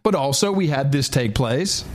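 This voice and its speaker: A man's voice: medium pitch, lively intonation, normal speed, slight background noise. A man co-hosting a talk show, sarcastically mocking news clips and echoing their words. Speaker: podcast co-host. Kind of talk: mocking commentary over played clips.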